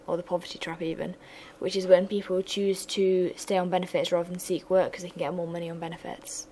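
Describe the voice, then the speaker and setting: A woman's voice: on the low side, darkish tone, slight background noise, low-quality recording. A young woman giving an economics revision lesson, explaining steadily with chatty, self-deprecating asides. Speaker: revision tutor.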